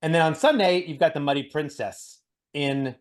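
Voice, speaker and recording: A man co-hosting a casual podcast, animated and joking, laughing often and rambling through news. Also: a little high, moderate pace. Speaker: podcast co-host. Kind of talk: casual chat.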